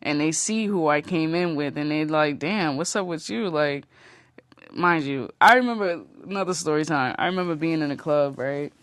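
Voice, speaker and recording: A woman's voice: low-pitched, normal speed, no echo. A woman vlogger telling a rambling storytime, casual and profane, full of fillers.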